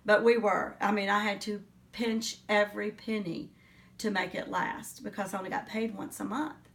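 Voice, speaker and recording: A middle-aged woman giving an oral history interview, telling her story in an earnest, reflective way with pauses and fillers. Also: mid-range voice, level tone, vocal fry, fairly bright tone, recorded from a distance. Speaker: interviewee, teacher.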